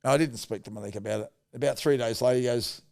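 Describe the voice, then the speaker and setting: A man's voice: medium pitch, fast talker, darkish tone. A middle-aged Australian man telling rambling, blokey anecdotes as a podcast guest, with mild swearing. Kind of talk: casual storytelling.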